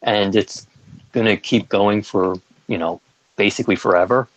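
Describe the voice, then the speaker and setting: A young man chats as a podcast co-host, eager and talkative. He stumbles through restarts as he gets going, and his voice sits on the low side. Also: normal speed, no room sound, muffled recording. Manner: stumbling restarts, enthusiastic, chatty. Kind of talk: casual chat.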